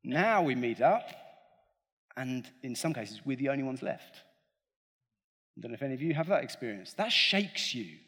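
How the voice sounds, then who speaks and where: Husky-voiced preacher with a lively delivery. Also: male voice, mid-range voice, moderate pace, long pauses, in a large hall. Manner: conversational, joking, addresses the congregation directly. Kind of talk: sermon.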